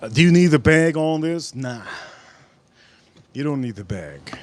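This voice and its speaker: A man hosting a casual livestream, rambling and excitable, repeating himself as he chats. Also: a little high, a little slow, dry recording. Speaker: livestream host.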